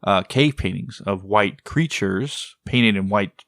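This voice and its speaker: Low gravelly man rambling casually. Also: slow, fairly bright tone, dry recording, clean studio sound. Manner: rambling, tangential. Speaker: podcast co-host. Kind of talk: casual chat.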